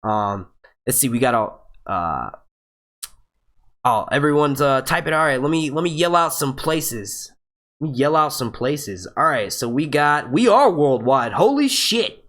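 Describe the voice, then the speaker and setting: A man's voice: mid-range voice, lively intonation, fairly bright tone. Hyped, profane young man streaming live. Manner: profane, hyped, urges viewers to like; halting, stutters and restarts. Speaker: livestream host. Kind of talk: casual live-stream chat.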